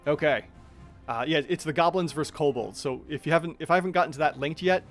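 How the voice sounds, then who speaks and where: A man's voice: on the high side, fast talker, soft background music. A man narrating a tabletop monster battle as game master, chatty and thinking aloud as he checks the rules.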